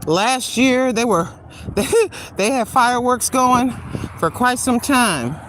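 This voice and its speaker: A woman's voice: a little high, lively intonation, slow pace, fairly bright tone, slight background noise. An older woman hosting a casual livestream while walking outdoors on a street, chatty and rambling, laughing often as she digresses. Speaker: livestream host.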